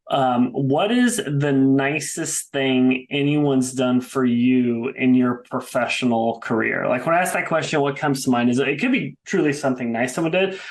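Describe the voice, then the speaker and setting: Casual male podcast host. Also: mid-range voice. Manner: friendly, casual, many fillers like "um" and "like". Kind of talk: casual interview.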